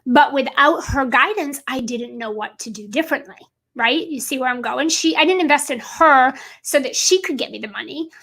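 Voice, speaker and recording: A woman with a high, bright voice and a gravelly edge gives a motivational talk straight to camera. She speaks as a business coach, emphatic and repetitive, driving her points home and calling her viewers guys. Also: moderate pace.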